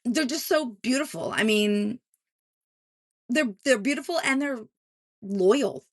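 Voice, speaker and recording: A woman co-host speaks in a somewhat high voice, thoughtful and halting, often doubling words as she begins. The sound is dry and close. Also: expressive, no echo. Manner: thoughtful, repeats words when starting sentences. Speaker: podcast co-host. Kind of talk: casual chat.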